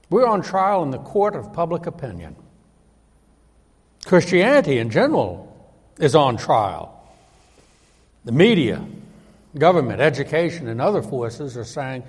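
Lively, emphatic male preacher in a hall. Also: medium pitch, normal speed, husky. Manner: emphatic preaching that acts out quoted voices. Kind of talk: sermon.

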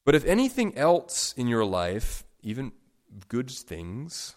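Guy preaching a sermon, mid-pitched voice, gets loud then drops quiet for emphasis. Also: huge pitch swings, slow pace. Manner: emphatic, with sharp swings in loudness; repeats and stacks words for stress. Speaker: pastor.

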